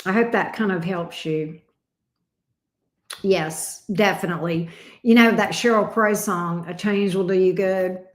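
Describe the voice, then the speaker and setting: A woman's voice: lowish voice, a little slow, roomy sound. A woman giving tarot readings on a livestream, casual and affectionate, calling her viewers babe and sweetie and swearing lightly. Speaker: tarot reader.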